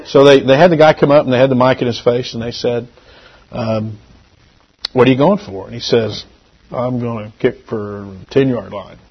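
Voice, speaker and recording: A middle-aged man giving a church lesson with anecdotes, talking conversationally and swinging between loud emphasis and quiet asides. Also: mid-range voice, normal speed, husky. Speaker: lay preacher. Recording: dull lo-fi recording.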